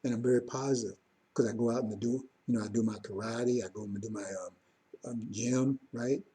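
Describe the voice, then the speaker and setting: Preaching informally, a religious teacher talks with his congregation conversationally, repeating points and checking in with "see?" and "you understand?". His voice is medium-pitched, steady and warm, fairly quick, with a breathy edge.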